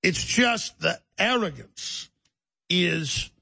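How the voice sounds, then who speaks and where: A man's voice: sits high, animated, drawn-out words, vocal fry, bright, forceful tone, slightly rough, no room sound. A man hosting a talk show, delivering a heated, emphatic ranting monologue.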